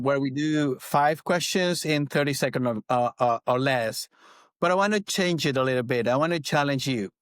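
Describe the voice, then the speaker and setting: A man's voice: on the high side, dry recording, studio quality. A man who is not a native English speaker, hosting a podcast and asking questions in a playful way. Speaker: podcast host.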